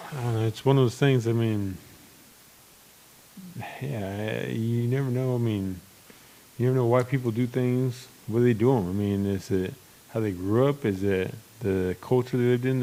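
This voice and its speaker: A man's voice: medium pitch, unhurried, long pauses, a little mellow. A young man hosting a podcast, talking in a rambling, blunt and open way with many restarts. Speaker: podcast host. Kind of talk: casual chat.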